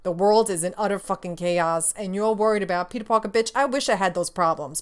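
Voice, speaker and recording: A woman's voice: mid-range voice, fairly quick, few pauses. A young adult woman hosting a casual gaming news show, ranting in a sassy, profane, exasperated way and laughing often.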